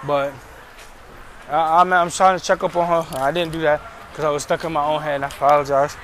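Young man, slightly high voice, slangy, venting, casual vlog, faint outdoor noise. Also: fairly quick. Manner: slangy, venting, frank and animated. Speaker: vlogger. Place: outdoors, in and around a car.

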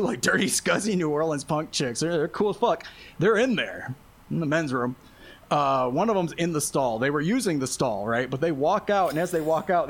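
A man with a somewhat high voice tells a rowdy story in casual chat. He swears constantly, breaks into laughter and plays out the lines of the people in it. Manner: animated, laughing, heavy swearing, acts out quotes.

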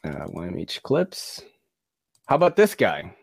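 Lively casual streamer man, dry sound. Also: low voice, measured pace, gravelly, husky, no room sound. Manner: loose, laughing, swearing. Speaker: livestream host. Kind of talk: casual livestream chat.

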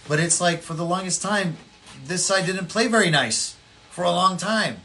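A man co-hosting a casual political chat podcast, telling stories in a rambling way and doing quick voices for the people in them. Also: high voice, slight background noise. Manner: rambling, animated storytelling with voiced impressions. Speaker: podcast co-host.

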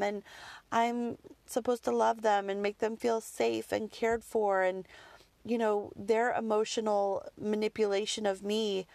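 A woman's voice: medium pitch, a little mellow, no echo. A woman, a mother, chatting casually and candidly, rambling with lots of "like" and "you know.". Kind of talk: casual personal chat.

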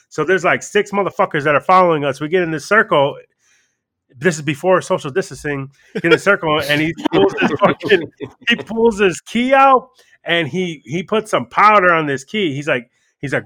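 A man telling stories in loud, animated, swear-heavy casual podcast banter. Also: sits high, fairly quick, dry recording, clean studio sound. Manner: animated storyteller, swears a lot.

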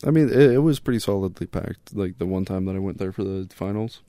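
Young guy cohosting a podcast, lowish voice, dry close sound, jokey and laughing a lot. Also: quick pace, warm tone, no room sound. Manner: teasing, laughs often. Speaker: podcast co-host. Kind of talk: casual comedic banter.

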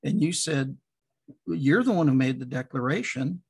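A man hosting an interview, talking in a casual, halting way and repeating words as he starts his phrases. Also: mid-range voice, lively intonation, creaky, husky, dry recording. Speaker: host.

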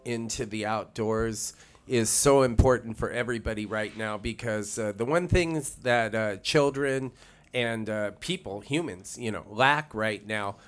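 A man's voice: lowish voice, measured pace, soft background music. A man from California, a fishing guide, chatting earnestly as a podcast guest. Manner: earnest, speaks in sayings and maxims. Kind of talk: casual interview chat.

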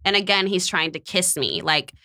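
Brief: young woman, casual storyteller, bright forceful tone, slightly low voice, acts out every quote. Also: moderate pace. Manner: animated storyteller, acts out quotes, says "like" often. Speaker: podcast guest telling a dating story. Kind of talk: casual chat.

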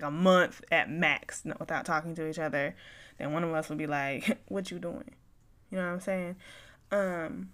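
A young woman hosting a podcast, candidly telling a personal story, swearing freely and acting out both sides of the conversations. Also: fairly low pitch. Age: young adult. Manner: swings from quiet mumbles to loud bursts. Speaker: podcast host.

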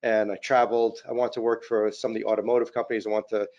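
A man's voice: lowish voice, level tone, quick pace, a little mellow. Middle-aged man telling stories, dull audio. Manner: modest, anecdotal, many fillers and "you know". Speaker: company CEO guest. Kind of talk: casual interview storytelling.

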